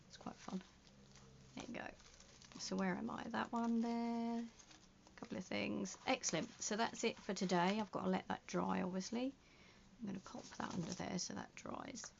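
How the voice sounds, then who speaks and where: A woman with a gravelly, fry-edged voice talks to herself at her craft desk, half-murmuring and often slipping into a whisper. The sound is dull and lo-fi, with a faint hiss underneath. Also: medium pitch. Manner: muttering to herself as she works, often drifting into a whisper. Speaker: junk journal crafter. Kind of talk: casual crafting vlog.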